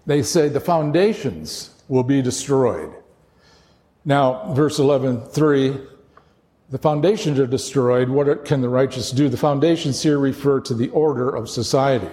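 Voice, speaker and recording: A man's voice: fairly high pitch, darkish tone, in a large hall. A man preaching a sermon as pastor, earnest and emphatic.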